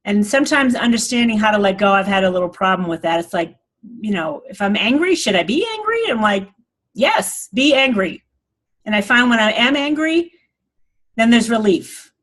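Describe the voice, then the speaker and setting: A woman's voice: mid-range voice, lively intonation, fairly quick. Earnest woman teaching spirituality. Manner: earnest, rambling, laughs often. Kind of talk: informal talk to an online group.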